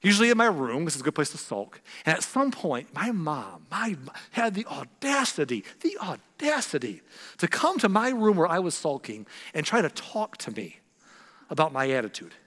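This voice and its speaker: Brief: male pastor, fairly high voice, earnest sermon with hushed emphatic moments, long hall reverb. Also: very animated, moderate pace. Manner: earnest, storytelling, drops to hushed tones for emphasis.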